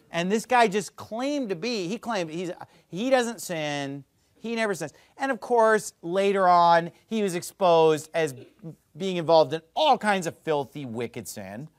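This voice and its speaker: A man preaching a sermon as pastor, emphatic and swinging between loud and hushed. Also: animated, normal speed, dry recording. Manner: emphatic, swings between loud and low, mimics others mockingly.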